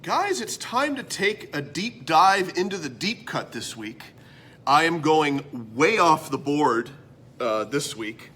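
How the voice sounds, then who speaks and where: A man hosting his own comedy web show, talking to camera in a rambling, sarcastic monologue that swings from mutters to loud bursts. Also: on the high side, big pitch swings, slow, slightly rough, soft background music. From Canada.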